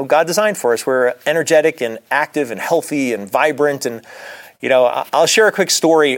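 Middle-aged guy doctor doing his own podcast, chatty and earnest, normal mid pitch. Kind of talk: casual solo podcast monologue.

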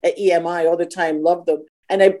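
A middle-aged Scottish woman, a singer, telling animated anecdotes as a guest, acting out other people's voices and swearing freely. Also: fairly low pitch, a little fast. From Scotland.

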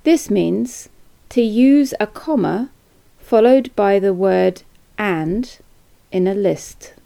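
A woman teaches on a podcast, reading each example slowly and deliberately. Her voice is mellow and dark, with a gravelly fry at the ends of phrases. She speaks at an unhurried, careful pace. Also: mid-range voice, expressive. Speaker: English teacher. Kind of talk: scripted podcast lesson.

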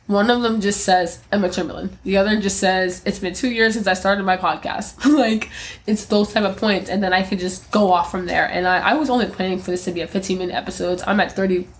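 A woman's voice: mid-range voice, steady tone, fairly quick. A young woman hosting her own podcast, chatting casually on her own in a rambling, self-mocking way with frequent laughs. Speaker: podcast host. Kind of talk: casual solo podcast chat.

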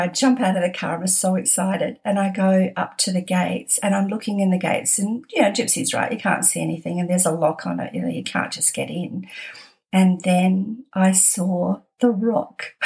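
A woman with an Australian accent telling a lively personal story, acting out the dialogue and laughing often. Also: medium pitch, vocal fry. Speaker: podcast host. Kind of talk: storytelling monologue.

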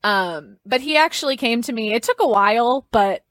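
A young woman with a fairly high voice tells a personal story as a podcast guest. She is chatty and expressive, laughs often, and leans on "like" and "um". The recording is close and dry. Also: normal speed, no echo.

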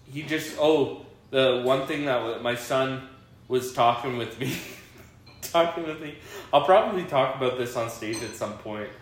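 A man hosting a podcast, chatting casually at a slow pace, rambling with lots of fillers and laughing often. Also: medium pitch. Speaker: podcast host. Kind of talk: casual chat. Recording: very echoey room, faint hiss.

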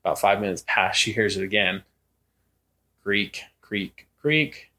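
A man's voice: lowish voice, measured pace. Young man spinning a spooky story. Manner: animated, acts out quoted voices and creaks. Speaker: podcast co-host. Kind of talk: casual storytelling.

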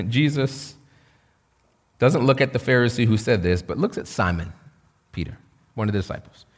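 A man's voice: medium pitch, animated, moderate pace, husky. Male preacher in a reverberant hall. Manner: conversational storytelling with humor. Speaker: pastor. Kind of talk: sermon.

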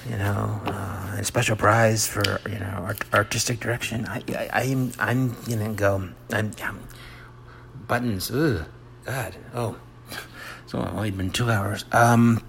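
A middle-aged man hosting a rambling personal monologue, halting and self-mocking, often dropping into soft whispered asides. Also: fairly low pitch, steady tone, gravelly, slight background noise. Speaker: monologue host.

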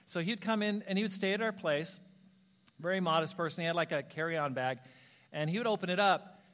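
Animated high-voiced male preacher, echoing hall. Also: brisk. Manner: animated storyteller, acts out quoted voices. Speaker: pastor. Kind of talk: sermon with personal stories. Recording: long hall reverb.

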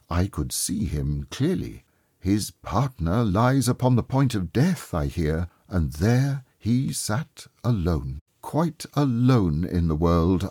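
A man voicing a contented husband and father calmly telling his wife about an old acquaintance, with mild pity. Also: low-pitched, husky, no room sound, clean studio sound, heavily acted.

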